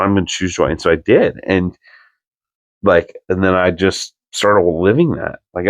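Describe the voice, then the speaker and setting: A man's voice: sits low, no room sound. A young man, a podcast co-host, telling a personal story in an earnest, rambling way full of "like" fillers.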